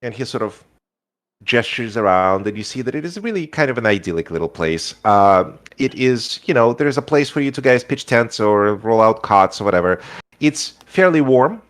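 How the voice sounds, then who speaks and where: A man's voice: mid-range voice, very animated, moderate pace. Laid-back male game master. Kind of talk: narrating a tabletop game.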